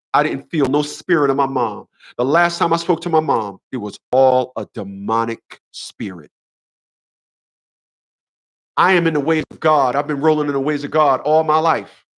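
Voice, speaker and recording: A man in his fifties delivers a casual livestream monologue as host, emphatic and preachy, frequently repeating his own phrases. His voice is slightly high and a bit bright.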